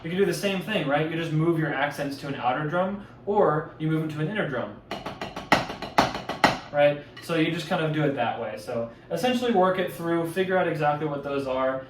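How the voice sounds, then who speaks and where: A man's voice: a little high, expressive, brisk, heavy background noise. A man giving a casual walkthrough of drumline audition exercises, talking loosely with fillers and self-corrections. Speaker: drumline instructor. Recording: echoey room, mic at a distance.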